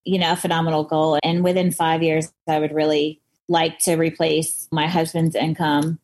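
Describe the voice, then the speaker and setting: A woman's voice: low-pitched, flat delivery, normal speed, a little mellow. A woman being interviewed on a podcast about her photography business, speaking in an earnest, thoughtful way. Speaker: guest photographer.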